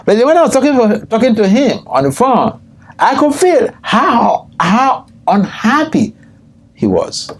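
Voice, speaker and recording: An older man, a swami, teaching a scripture class, telling stories with frequent chuckles and jumping high in pitch when quoting people. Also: wildly swooping pitch, a little slow, breathy edge. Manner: storytelling, chuckles often, jumps high in pitch for quoted speech. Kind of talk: scripture class with personal anecdotes. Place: temple room.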